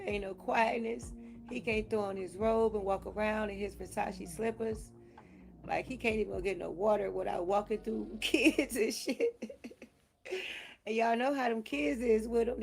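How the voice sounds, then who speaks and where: A woman's voice: on the high side, normal speed, vocal fry, soft background music. A woman giving casual gossip commentary, laughing often, swearing freely and acting out what people said.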